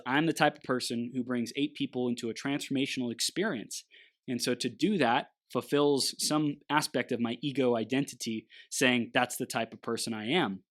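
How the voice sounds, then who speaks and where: A man, the host of a conversation, thinking aloud in a searching way and often restarting his phrases. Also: medium pitch. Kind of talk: reflective conversation.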